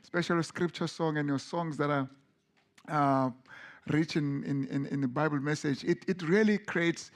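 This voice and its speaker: A man preaching a sermon, earnest and emphatic, often restarting his words as he presses a point. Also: on the high side.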